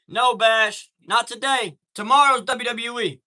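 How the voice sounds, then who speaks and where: A man's voice: extremely high pitch, a little slow, hardly any pauses, pushed and bright. A man hosting a live stream, telling a heated story in a profane, streetwise way and greeting viewers from chat.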